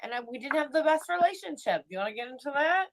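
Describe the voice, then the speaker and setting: A woman's voice: high-pitched, very animated, fast talker, no room sound, poor audio. A woman as a livestream guest, defensive and talking back.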